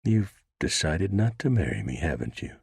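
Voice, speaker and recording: A man voicing an irritated grown woman in a western audiobook, sharp and impatient. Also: low-pitched, big pitch swings, moderate pace, vocal fry, breathy edge, no room sound, exaggerated voice. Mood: annoyed.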